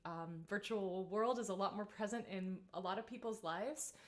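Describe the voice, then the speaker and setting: Chatty woman leading a vocal warm-up. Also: medium pitch, normal speed. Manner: chatty, encouraging, many fillers. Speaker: vocal coach. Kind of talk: live-streamed singing warm-up.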